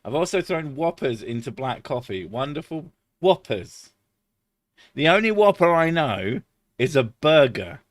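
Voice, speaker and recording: A man's voice: on the high side, big pitch swings, unhurried, dry recording. A man chatting casually on a live stream, swearing freely and laughing often.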